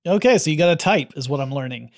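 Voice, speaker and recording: A man co-hosting a podcast in a relaxed, enthusiastic way, with a somewhat high voice. He talks loosely, with many fillers and restarts. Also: quick pace. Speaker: podcast co-host. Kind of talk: casual chat.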